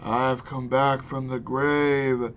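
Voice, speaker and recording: A man voicing an angry undead old father who has risen from the grave to scold his son, with a badly done Massachusetts accent and a slow, drawn-out delivery. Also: medium pitch, level tone, a bit bright, dull audio, a little hiss or hum. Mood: furious. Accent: Massachusetts, put on badly. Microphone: webcam.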